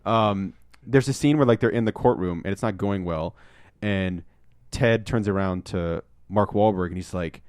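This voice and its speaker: Low-voiced man rambling about movies. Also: normal speed, a little mellow, smooth, dry recording, studio quality. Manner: rambling, lots of ums, acts out movie lines. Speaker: podcast co-host. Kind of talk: casual chat, movie review.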